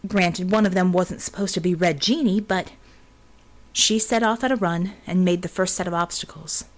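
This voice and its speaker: A woman reading a novel aloud as an audiobook narrator, steady and expressive. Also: fairly low pitch, moderate pace. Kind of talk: scripted narration.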